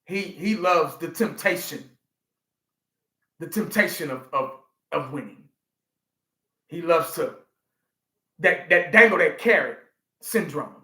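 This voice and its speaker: Brief: fan vlogger, man, 40s, profane and repetitive, forceful bright voice. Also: on the high side, expressive, slow, pauses often, reverberant. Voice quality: profane, emphatic, repeats himself. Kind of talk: ranting live reaction.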